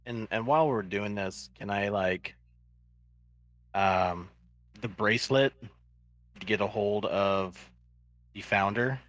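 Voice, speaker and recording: A man's voice: lowish voice, takes it slowly, pauses often, fairly bright tone, no echo. A man playing a tabletop game who rambles and mumbles. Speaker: player. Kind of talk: casual tabletop game play.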